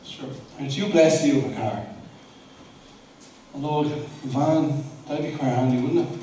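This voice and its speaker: An actor playing a mocking young bandmate with an Irish accent, talking in a blunt, teasing way. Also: male voice, mid-range voice, measured pace, dark tone, slight background noise, lightly acted. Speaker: stage actor. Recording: echoey hall from far off.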